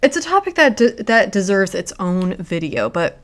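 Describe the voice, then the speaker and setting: A woman hosting a casual livestream, talking in a halting, reflective way with frequent restarts. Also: medium pitch, big pitch swings. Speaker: streamer host.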